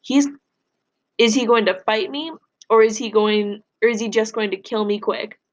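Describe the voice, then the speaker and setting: A woman's voice: a little high, moderate pace. A woman teacher reads a novel aloud to her students and then walks them through a question on the passage. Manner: plain, steady reading with instructions to students. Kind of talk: reading a novel aloud and giving a recorded lesson.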